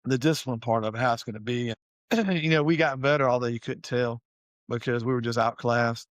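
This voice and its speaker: A middle-aged man tells coaching stories in an easygoing, animated, folksy way. His voice sits at an ordinary middle pitch for a man. The recording is dry and close, with almost no room sound. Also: a little fast, dry recording. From Savannah, Georgia, US. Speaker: high school head football coach, guest. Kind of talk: casual storytelling interview.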